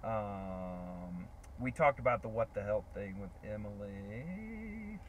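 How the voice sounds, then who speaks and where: Relaxed man reading out viewer comments. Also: lowish voice, slow, dull audio, slight background noise. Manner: relaxed, reads comments out with fillers. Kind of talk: casual livestream chat.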